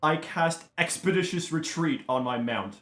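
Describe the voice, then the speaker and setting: A slightly high male voice describes his character's actions haltingly, with fillers between phrases. The recording has a roomy echo around him. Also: expressive, fairly bright tone. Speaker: player.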